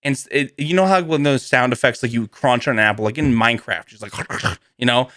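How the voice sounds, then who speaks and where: A man's voice: medium pitch, lively intonation, fast talker, a bit bright, dry recording, studio quality. A young man hosting a podcast in casual comedic chat, goofy and laughing a lot, slipping into silly put-on voices. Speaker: podcast host.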